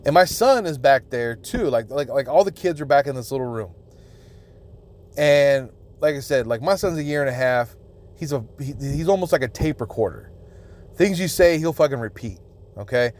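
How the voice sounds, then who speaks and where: A man's voice: medium pitch, expressive, normal speed, darkish tone. A young man hosting his own podcast, ranting crudely and indignantly with constant swearing. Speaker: podcast host. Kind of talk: profane solo podcast rant.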